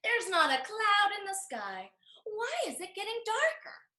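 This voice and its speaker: A woman's voice: extremely high pitch, big pitch swings, unhurried, bright, forceful tone, voice pushed up, exaggerated voice. Woman doing a flustered storybook hen. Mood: alarmed. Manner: urgent, exclamatory. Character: fretful hen spreading alarm. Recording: roomy echo.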